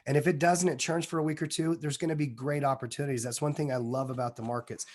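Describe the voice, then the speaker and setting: A man's voice: medium pitch, fairly even intonation, quick pace, a little mellow. A man hosting a casual trading chat show, upbeat and reading out viewer comments. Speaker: show host.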